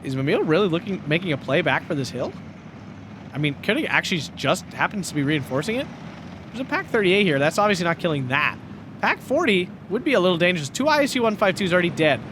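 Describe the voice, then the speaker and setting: A man casting a strategy game tournament match, excitable, laughing often and shouting at big plays, a little hoarse from talking. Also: sits high, quick pace, background noise. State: losing his voice. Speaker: tournament caster.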